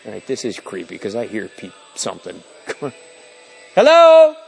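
A man's voice: low-pitched, steady tone, fairly quick, vocal fry, breathy edge. A middle-aged man telling a story about a mix-up at home, exasperated, wry and self-deprecating, stressed and tired, recording on his phone while walking through an indoor storage warehouse. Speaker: vlogger. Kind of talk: casual storytelling vlog. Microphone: phone held while walking.

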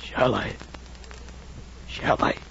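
A man's voice: very slow, fairly bright tone. An actor playing a tormented first mate torn over what to do about his captain, in a radio drama. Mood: anguished. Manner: brooding, anguished inner struggle. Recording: dull lo-fi radio recording with faint noise.

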